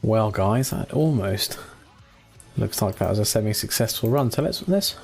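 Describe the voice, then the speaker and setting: A relaxed man casually commentating his own space game, chatty with mild swearing, into a desk mic at his computer. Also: fairly low pitch, normal speed, vocal fry, husky, soft background music. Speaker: gaming channel host.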